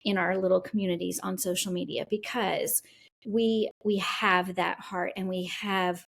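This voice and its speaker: A woman's voice: on the low side, flat delivery, a little slow, vocal fry. A woman co-hosting a podcast who talks in an effusive, openly emotional way during casual conversation. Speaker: podcast co-host.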